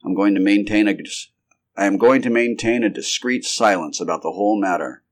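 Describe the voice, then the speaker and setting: A commanding middle-aged scientist barks clipped orders through a monster hunt, as a man reads him aloud. The voice sits low and steady. This is a spoken storybook with the reader lending the doctor his own voice. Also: fairly quick, lightly acted. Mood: earnest.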